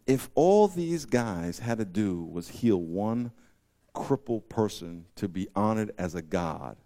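A man preaching a sermon, telling stories and joking with his listeners. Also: a little high. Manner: animated storytelling, joking with the audience. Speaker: pastor.

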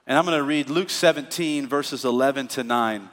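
A pastor preaching a sermon in a conversational style that climbs into emphatic, rising bursts. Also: male voice, medium pitch, normal speed, fairly bright tone, long reverb tail.

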